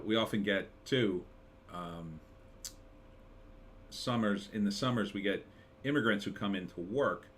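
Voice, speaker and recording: A man's voice: lowish voice, a bit bright, a little hiss or hum. A middle-aged man from New Jersey hosting a live stream, chatting casually in a rambling way with many fillers and restarts while reading chat comments.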